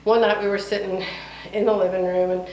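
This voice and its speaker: A woman's voice: medium pitch, a little fast, slight background noise. A middle-aged woman, chatting casually in her home vlog and laughing often. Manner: chatty, laughing often, animated when quoting others. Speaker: vlogger. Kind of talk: casual chat. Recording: roomy, from a distance.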